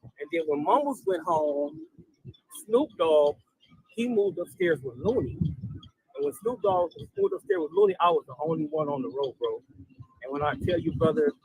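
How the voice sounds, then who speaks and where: A man's voice: a little high, moderate pace, gravelly, breathy edge, dry recording, low-quality recording. A man telling a long story about his time in county jail in a casual interview, rambling and acting out the dialogue. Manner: rambling, animated retelling with quoted dialogue.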